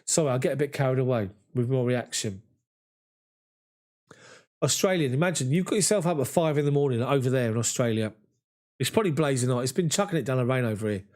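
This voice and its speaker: A man, hosting a live fan chat after a match and reading viewer comments in an excitable, chatty way. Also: medium pitch, quick pace. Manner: excitable, chatty, mimics voices in anecdotes. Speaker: fan channel host.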